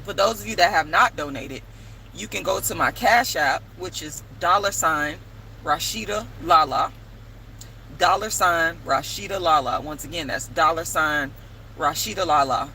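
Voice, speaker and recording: A woman telling a story to camera in a casual vlog, animated and emphatic, swearing freely. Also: deep voice, normal speed, a little hiss or hum, poor audio. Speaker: vlogger and playwright.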